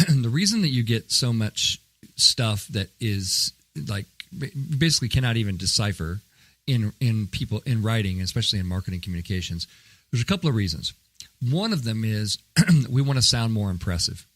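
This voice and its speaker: A man's voice: lowish voice, expressive, normal speed, no echo. Upbeat joking male podcast host. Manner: upbeat, jokey, chatty with fillers. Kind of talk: casual podcast talk.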